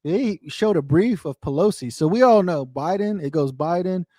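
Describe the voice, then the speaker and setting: A man's voice: high-pitched, animated, normal speed, mellow, no echo, studio quality. An American man hosting a casual livestream, ranting with profanity and answering viewer comments in a frustrated tone. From United States. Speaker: livestream host.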